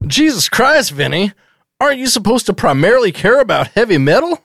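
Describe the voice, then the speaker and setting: A nagging bandmate scolding in a raised, lively voice, barking demands with exasperation, as a man puts him on. The sound is close and dry. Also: high-pitched, a little fast, vocal fry, no room sound, voice pushed up, full character voice.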